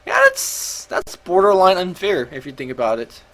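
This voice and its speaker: A man's voice: high-pitched, wildly swooping pitch, normal speed, fairly bright tone. Chatty man commentating a game. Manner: chatty, self-correcting, thinking aloud.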